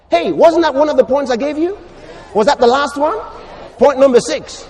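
A man preaching a sermon, emphatic and repetitive, rising to shouts. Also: very high-pitched, animated, moderate pace.

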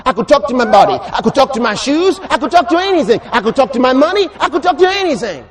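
High-pitched guy preaching a sermon, super animated, keeps repeating himself and yelling points. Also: quick pace, few pauses. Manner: emphatic, repetitive, rises to shouts.

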